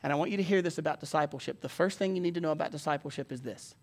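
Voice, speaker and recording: A pastor preaching a sermon to his congregation in a church, emphatic and swinging from hushed to loud. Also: a little high, rapid-fire.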